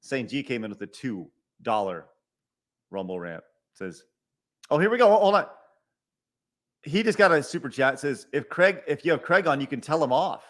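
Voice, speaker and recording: A podcast host in middle age reads viewer donations during a live-stream rant, sounding exasperated as he swears, repeats himself and keeps stuttering and restarting over stumbled words. He speaks at medium pitch in a sing-song way, at normal speed, with long pauses.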